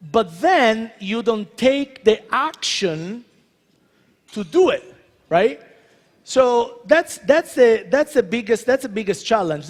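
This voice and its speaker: An audience in a big convention hall hears a motivational talk from a celebrity chef, an Italian man in his thirties with a fairly high, accented voice. Animated and playful, he jokes with the crowd and speaks straight to them to drive his points home, and the reverberant space makes everything echo at length.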